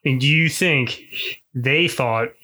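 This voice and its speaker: A man in a casual chat, calmly asking probing questions. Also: mid-range voice, takes it slowly, rough recording. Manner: calm, asks probing questions. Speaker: interviewer.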